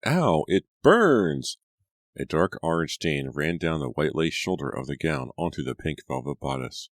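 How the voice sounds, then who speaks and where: Super deep voiced guy reading a horror audiobook, dry close sound. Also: fairly even intonation, normal speed, dry recording. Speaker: audiobook narrator. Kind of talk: scripted narration.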